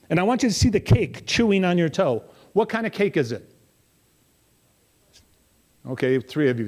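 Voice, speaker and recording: A middle-aged man giving a lively motivational talk, coaxing his audience through memory exercises. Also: a little high. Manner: energetic, coaxing audience participation. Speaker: motivational speaker. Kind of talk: interactive memory workshop talk.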